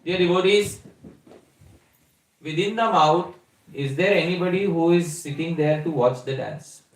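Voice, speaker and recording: Male spiritual teacher, higher-pitched voice, explains and quizzes listeners, distant mic in a reverberant room. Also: measured pace, slight background noise. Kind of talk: scripture lecture.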